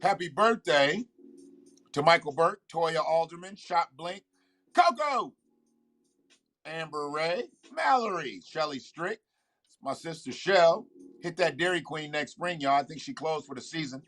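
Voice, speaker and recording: Bright, loose-talking man on a livestream. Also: a little high, unhurried. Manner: loose, profane, talks back to viewers. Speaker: livestream host. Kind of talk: casual livestream chat.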